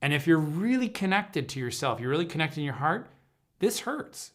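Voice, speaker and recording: A man's voice: fairly high pitch, very animated, quick pace. A man hosting a livestream as an intuitive counselor, talking in an earnest, searching way and often restarting his sentences mid-thought. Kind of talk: reflective spoken teaching on a livestream.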